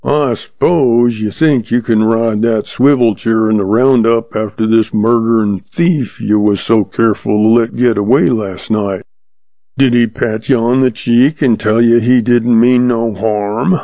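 A man reading a scornful, drawling cowhand in a western audiobook, with a gravelly voice. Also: medium pitch, fairly even intonation, measured pace, dark tone, no echo, muffled recording, close to an everyday voice. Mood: sneering. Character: surly sneering male cowhand, middle-aged.

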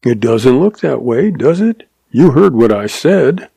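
A man voicing a quiet, steady young cowboy who speaks slowly. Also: medium pitch, gravelly, husky, dry recording, full character voice. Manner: slow, quiet.

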